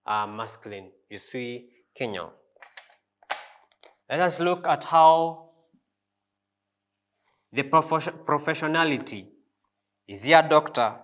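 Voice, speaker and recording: A man teaching a French lesson, repeating each phrase slowly and spelling out the pronunciation. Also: medium pitch, a bit bright. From Africa. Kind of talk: language lesson.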